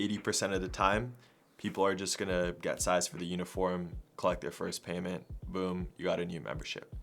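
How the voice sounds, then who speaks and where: A man's voice: sits low, fairly bright tone. A man coaching sales in a loose, conversational way, full of "like" and "you know". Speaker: sales coach for martial arts school owners. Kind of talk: casual sales coaching talk.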